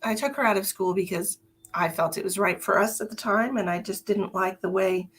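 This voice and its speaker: A woman's voice: mid-range voice, a little fast, fairly bright tone, slightly rough. A middle-aged woman hosting a casual live stream as a psychic medium, rambling chattily to her viewers with lots of fillers.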